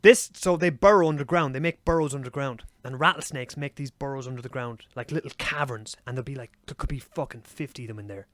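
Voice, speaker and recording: A young Irish man co-hosting a podcast, telling animal stories in a lively casual way and swearing freely. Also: medium pitch, fast, few pauses, no room sound. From Ireland. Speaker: podcast co-host. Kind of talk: casual chat.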